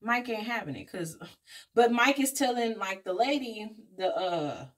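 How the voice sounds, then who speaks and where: A woman vlogger casually recapping a movie plot in an animated, slangy way. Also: fairly high pitch, measured pace. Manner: animated storytelling, slangy asides, acts out characters' lines. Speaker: beauty vlogger reviewing a movie.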